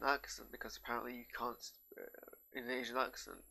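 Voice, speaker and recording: A man with a northern English accent reacting to a TV episode in a loose, casual way. His voice has a gravelly fry and a forceful, bright edge. He rambles and wanders off on tangents mid-thought. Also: mid-range voice, little pitch movement, a little fast. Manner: rambling, digressive, drifts off on tangents. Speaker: show reviewer.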